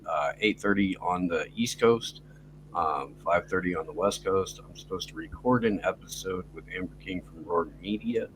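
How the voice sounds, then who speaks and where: A man's voice: sits low, slight background noise, rough recording. A man hosting a podcast, talking loosely and profanely in a rambling casual chat. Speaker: podcast host.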